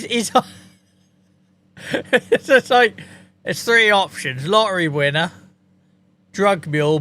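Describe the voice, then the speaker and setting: A man's voice: on the high side, pushed and bright, slight background noise. A man streaming a farming game, joking, swearing and chatting with his viewers. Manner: jokey, swears freely, talks to chat. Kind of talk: casual gameplay commentary.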